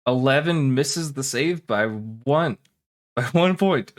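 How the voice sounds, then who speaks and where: A man's voice: mid-range voice, animated, slow pace. A man narrating as game master of a tabletop game, talking casually with plenty of fillers.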